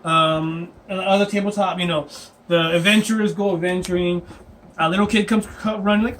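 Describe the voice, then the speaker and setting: A man's voice: high voice, fairly even intonation, moderate pace, fairly bright tone, a little hiss or hum. A man chatting casually as a dungeon master, rambling and laughing with many fillers. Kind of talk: casual chat.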